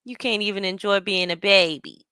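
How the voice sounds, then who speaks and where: A woman hosting a show, talking in an animated, sassy way with plenty of slang while she reacts to a stream. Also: medium pitch, normal speed, smooth, dry recording, clean studio sound. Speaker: show host. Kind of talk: casual commentary reacting to a stream.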